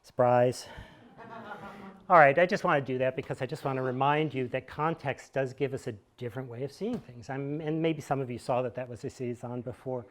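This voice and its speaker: A man's voice: mid-range voice, a little fast. An American man in his fifties gives a conversational storytelling monologue to an audience in a small theater, with wry, digressive asides and chuckles. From United States. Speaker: solo performer speaking to an audience.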